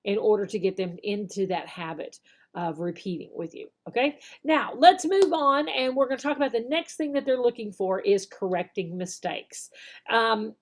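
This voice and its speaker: A woman, an online English teacher explaining classroom techniques, often acting out slow, exaggerated example phrases and checking in with "okay?". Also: medium pitch. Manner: demonstrates phrases slowly and exaggerated, tags "okay?". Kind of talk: instructional video talk.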